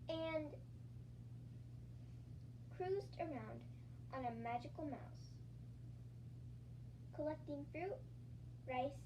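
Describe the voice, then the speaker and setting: A woman reading a children's storybook aloud in a soft, gentle, sing-song way. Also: sits high, background noise. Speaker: story reader.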